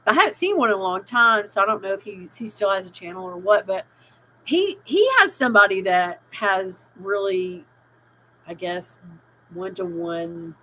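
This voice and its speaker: A woman's voice: mid-range voice, animated, normal speed, a bit bright, a little hiss or hum, low-quality recording. Chatty middle-aged woman live streaming. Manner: chatty, rambling, reads out chat comments, laughs easily. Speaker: livestream host. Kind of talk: casual live stream chat.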